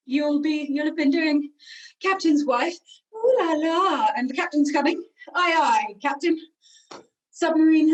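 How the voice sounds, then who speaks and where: A woman with a British accent leads a group warm-up game over a video call, moving around the room and slightly out of breath as she gives instructions. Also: sits high, highs cut off. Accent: British English. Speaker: singing workshop leader. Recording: voice from a distance from the mic.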